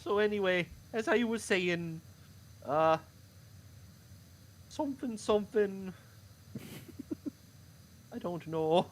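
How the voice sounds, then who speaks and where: A man's voice: high voice, takes it slowly, pauses often, a little hiss or hum. A middle-aged male streamer chatting casually, rambling between fits of laughter. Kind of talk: casual chat.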